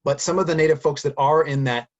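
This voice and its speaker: A man's voice: on the high side, fairly even intonation, fast, muffled recording. A man giving a thoughtful personal monologue, often adding "right?" and "you know" as he speaks. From United States. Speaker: speaker recounting his language history.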